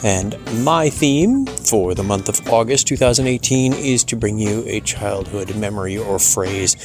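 A man's voice: lowish voice, expressive, a little slow, music in the background. A man in his forties from Michigan hosting a chatty, rambling solo podcast. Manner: chatty, rambling, laughs and restarts. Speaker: podcast host. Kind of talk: casual solo podcast monologue.

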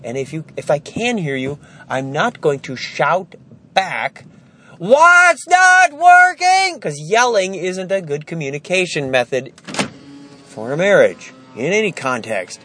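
A man's voice: a little high, expressive, moderate pace, a bit bright, slight background noise. Exasperated man telling a wry story. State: stressed and tired. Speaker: vlogger. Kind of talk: casual storytelling vlog. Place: indoor storage warehouse. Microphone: phone held while walking.

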